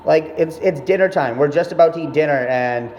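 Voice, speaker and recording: Speaking briskly in a fairly high, slightly mellow voice, a young male vlogger rambles through a profanity-filled story about his mom. He keeps breaking off mid-thought, and the recording carries dull, echoey room sound and faint noise.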